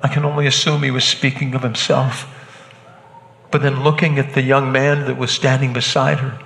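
A man acting a hardened Roman centurion shaken by an execution, talking haltingly and repeating words, in a church drama. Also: medium pitch, little pitch movement, vocal fry, a bit bright, long reverb tail, slight background noise. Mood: grave, shaken.

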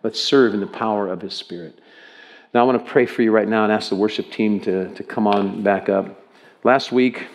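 A middle-aged man preaching from the pulpit in a medium voice. He moves between animated, rising emphasis and quiet, prayerful passages. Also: mid-range voice. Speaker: pastor. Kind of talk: sermon.

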